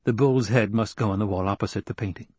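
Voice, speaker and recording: A calm, commanding noblewoman, as a male narrator reads her, giving crisp, firm orders. The voice is a touch husky and recorded close and dry. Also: medium pitch, moderate pace, no room sound, close to an everyday voice.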